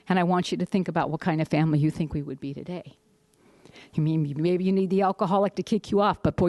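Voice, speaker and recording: An older woman from the United States giving a blunt, animated personal testimony to a group. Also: on the low side, dry recording. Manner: blunt, salty, animated storytelling. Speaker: speaker sharing her story.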